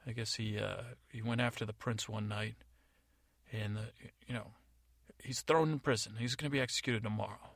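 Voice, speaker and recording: A man's voice: lowish voice, fairly even intonation, moderate pace, creaky, a bit bright, no room sound, clean studio sound. A man voicing a pompous, brusque new captain of the guard, near his own voice. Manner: brusque, dismissive.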